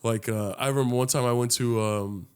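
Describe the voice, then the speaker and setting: His voice is mid-range, brisk, and clean. This young Los Angeles podcast co-host spins animated stories in casual chat, cursing a lot and doing impressions of other people.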